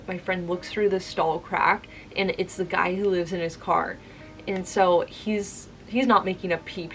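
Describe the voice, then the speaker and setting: A woman's voice: on the low side, rough recording. A young woman telling a spooky personal story to camera in a chatty, casual way, full of "like.". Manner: chatty, filler-heavy telling with many "like"s. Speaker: vlogger.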